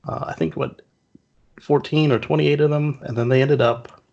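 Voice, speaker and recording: A man's voice: a little high, steady tone, moderate pace, creaky, darkish tone. A man co-hosting a casual podcast who rambles with trailing fillers. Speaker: podcast co-host. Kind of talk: casual chat. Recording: dull, muffled sound.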